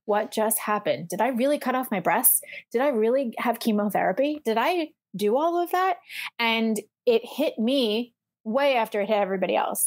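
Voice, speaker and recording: A middle-aged woman speaking as a podcast guest, telling her story candidly and animatedly, acting out the voices she quotes, with frequent fillers. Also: on the high side.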